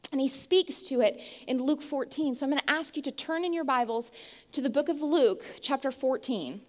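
Speaking at a moderate pace in a high voice, a young woman preaches earnestly in a church sanctuary after an opening prayer. She tells stories, restarts her words often, and her voice carries a long hall reverb.

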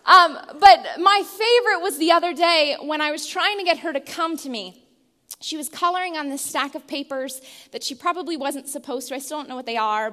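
A high-voiced young woman preaching in a church, her tone bright and forward. She talks earnestly, telling stories and restarting phrases as she goes. Long reverb trails her voice through the hall. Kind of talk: sermon with opening prayer. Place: church sanctuary.

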